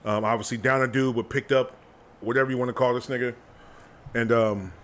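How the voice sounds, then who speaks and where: A man's voice: medium pitch, steady tone, fairly quick, fairly bright tone. A man co-hosting a podcast, talking loosely in slang and trailing off mid-thought. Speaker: podcast co-host. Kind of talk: casual podcast chat.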